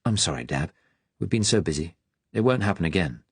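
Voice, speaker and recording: A man voicing a polite, guarded young civil servant, close to his own low voice. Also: expressive, a little fast, slightly rough, dry recording, heavily acted. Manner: polite, restrained.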